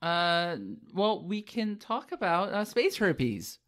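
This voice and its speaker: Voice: mid-range voice, expressive, slow, fairly bright tone. Co-host, loose rambling chat full of fillers and restarts. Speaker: podcast co-host. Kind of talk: casual chat.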